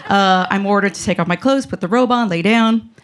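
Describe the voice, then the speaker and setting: A woman's voice: mid-range voice, brisk, slight background noise. A woman telling a comic personal story on a live stage, mouthy and self-mocking, with lots of fillers and laughter.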